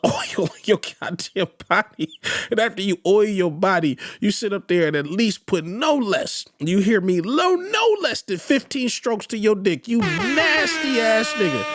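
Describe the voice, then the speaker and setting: Animated, high-pitched Bay Area man ranting. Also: dry recording. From East Oakland, California. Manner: loud, animated, swings between high yelps and low growls. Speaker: podcast host. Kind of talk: profane comedic rant.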